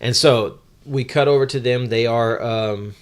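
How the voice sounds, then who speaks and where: A man's voice: medium pitch, measured pace, clear, resonant tone. A man co-hosting a podcast, retelling a manga chapter in loose, casual chat with plenty of ums and uhs. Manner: swears casually. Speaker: podcast co-host.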